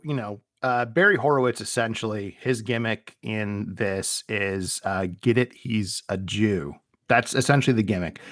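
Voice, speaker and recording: A man's voice: medium pitch, dry recording, studio quality. A man co-hosting a podcast in casual chat, rambling with frequent restarts and repeated words. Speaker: podcast co-host.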